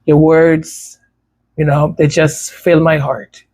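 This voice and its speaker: A man's voice: on the high side, little pitch movement, takes it slowly, darkish tone, slight background noise. A man with a stutter and a tongue tie talking casually to his viewers, repeating words and struggling with some sounds. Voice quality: tongue-tied, some sounds hard to pronounce. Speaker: music creator speaking to supporters.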